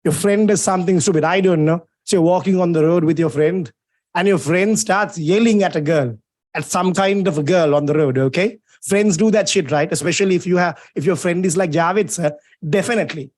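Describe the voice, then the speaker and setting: A young male English literature teacher with a Sri Lankan English accent, speaking in a fairly high voice on a video-call lecture. He jokes with his students and fires off questions, then answers them himself. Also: fairly quick, darkish tone. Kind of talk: online lecture. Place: home or classroom, streamed over a video call. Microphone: video call microphone.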